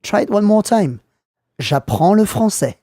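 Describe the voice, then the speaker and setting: Male language teacher, mellow and dry, clear slow delivery for learners. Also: high voice, expressive, no echo. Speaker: French teacher. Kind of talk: scripted lesson narration.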